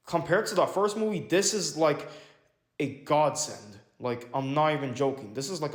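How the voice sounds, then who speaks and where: Man, casual movie reviewer, rambling, self-correcting, fairly high voice, echoey room. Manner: swears casually and laughs at himself.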